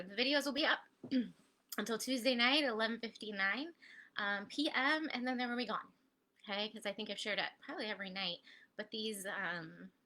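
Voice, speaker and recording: Bright chatty woman hosting a livestream. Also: a little high. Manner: chatty, upbeat, addresses viewers directly. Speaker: host of online training. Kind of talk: live-stream coaching talk.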